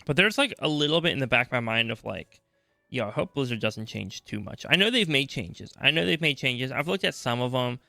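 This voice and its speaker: A man's voice: medium pitch, animated, a little fast, creaky, pushed and bright, dry recording, faint music behind. A man co-hosting a casual gaming podcast, rambling and restarting, sleepy this early morning. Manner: rambling, restarts often, slips into quoted reactions. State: sleepy, yawning. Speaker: podcast co-host.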